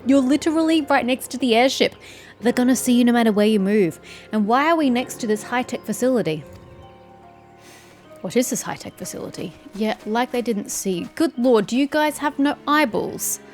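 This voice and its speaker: A woman's voice: a little high, animated, normal speed, darkish tone. A woman gamer with a sore throat, giving sarcastic, chatty commentary while she plays. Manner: sarcastic, chatty, teasing characters. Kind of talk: let's-play commentary. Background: faint game music.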